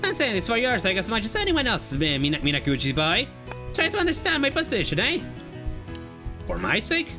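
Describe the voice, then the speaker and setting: A game streamer putting on a stern older woman who bluntly warns two youngsters off, pitched higher than the streamer's own talk. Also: wildly swooping pitch, brisk, over music. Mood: scolding. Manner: scolding, blunt, warning.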